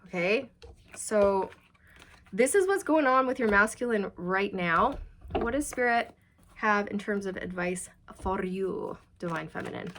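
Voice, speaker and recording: A woman's voice: mid-range voice, animated, measured pace, a bit bright, a little hiss or hum. A woman giving a chatty, reassuring tarot reading and passing on channeled messages directly to her viewers. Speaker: tarot reader.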